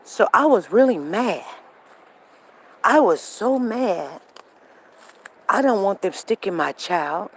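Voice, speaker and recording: A woman in her fifties hosting a live show, animated and acting out the other people's lines as she tells a story to her viewers. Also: mid-range voice, slow pace, pauses often, husky, low-quality recording.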